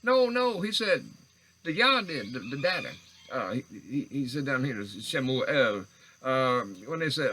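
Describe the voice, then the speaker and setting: A man's voice: medium pitch, animated, unhurried, pushed and bright, poor audio. A man talking alone into a recorder in a meandering, stammering monologue full of restarts. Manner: meandering, stammering, frequent restarts and self-corrections. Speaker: vlogger. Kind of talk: rambling monologue. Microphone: handheld recorder.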